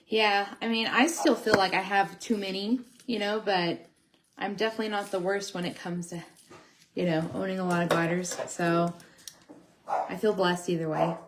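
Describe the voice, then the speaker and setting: Her medium-pitched voice moves at a normal speed with fairly even intonation, against some background noise. A sugar glider breeder, she runs a relaxed live stream from home, talking with her audience and telling off her dogs as she puts together a toy for her pets.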